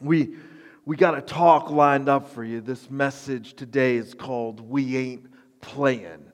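Animated preacher in a reverberant hall. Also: male voice, mid-range voice, takes it slowly. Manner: animated storytelling with self-deprecating humor. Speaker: pastor. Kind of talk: sermon.

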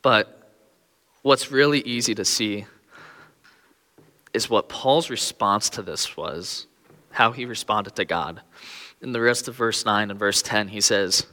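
Young guy preaching, bright forceful voice, earnest, long hall reverb. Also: on the low side, slow pace, pauses often. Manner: earnest, pleading emphasis on key phrases. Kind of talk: sermon.

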